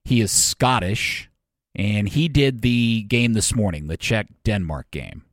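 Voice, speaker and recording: A man's voice: fairly low pitch, expressive, slow pace, no room sound. A man co-hosting a sports talk show in casual banter. He tells stories with a joking, self-mocking edge. His voice sits close and dry on the mic. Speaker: sports radio co-host.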